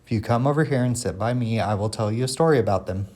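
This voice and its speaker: A man voicing a kindly elderly grandfather in a children's story, gentle and warm as he speaks. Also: medium pitch, fast, natural voice. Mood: storytelling.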